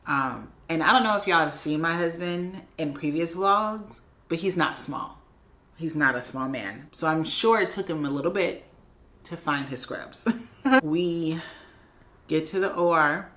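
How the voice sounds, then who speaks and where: A young adult woman vlogger telling a personal story in a casual, animated way, acting out the voices of the people in it. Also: low voice.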